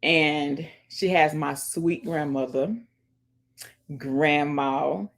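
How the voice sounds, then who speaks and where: Chatting casually with her viewers, a woman vlogger and channel host calls them "y'all" and gives emphatic shout-outs while music plays in her earphones. Her voice is deep, extremely slow, and fairly even in intonation. She gets preachy too, urging viewers to pray and support others.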